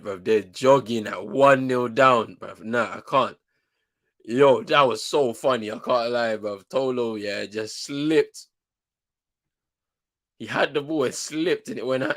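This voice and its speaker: A young man reacting to a football match live as a watchalong host, slangy and exasperated, often breaking into laughter. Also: medium pitch.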